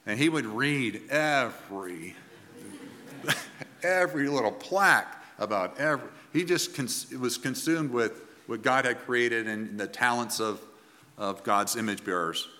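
A man preaching a sermon in an earnest, emphatic way, with pauses and restarts as he presses his points. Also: medium pitch, expressive, sharp tone, in a large hall. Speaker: pastor.

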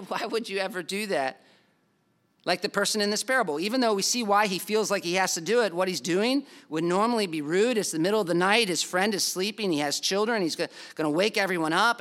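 A man's voice: high voice, fairly bright tone, clean tone. A man preaching a sermon as pastor, earnest and emphatic, acting out the people in the story.

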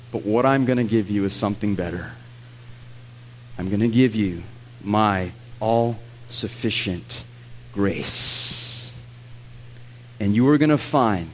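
A man voicing God as a calm, gentle but firm male deity in a sermon, speaking low, soft and measured. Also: slight background noise.

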